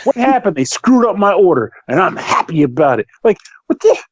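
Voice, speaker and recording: A man hosting a podcast in casual chat, ranting with animated delivery and acting out quoted exchanges. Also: high-pitched, brisk, no room sound. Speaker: podcast host. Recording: dull lo-fi sound, dry.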